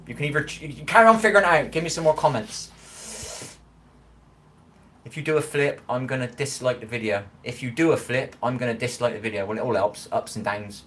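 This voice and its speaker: A man's voice: medium pitch, brisk, a bit bright, a little hiss or hum, low-quality recording. A man, chatting casually with viewers on a live stream, bantering and swearing now and then. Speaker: livestreamer reading chat.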